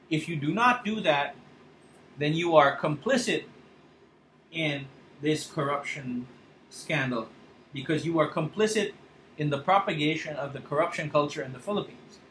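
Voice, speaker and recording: A man's voice: fairly high pitch, sharp tone, roomy sound, slight background noise, poor audio. A man ranting angrily and passionately on his podcast, swearing as he confronts a politician. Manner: angry, impassioned, swearing. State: choked up, fighting tears. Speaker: podcast host. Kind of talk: political rant monologue.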